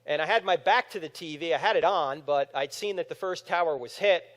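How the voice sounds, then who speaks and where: Man, 50s, high and lively delivery, speaking to a crowd in a reverberant hall; storyteller who acts out quotes. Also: fairly quick. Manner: animated storytelling, acting out quotes. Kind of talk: apologetics talk to a live audience. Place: large room with audience.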